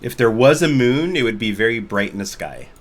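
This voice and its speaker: A man's voice: mid-range voice, sing-song, a little fast. A man running a tabletop game over a voice call, narrating casually with lots of filler words. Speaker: game master. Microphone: computer mic on a voice call.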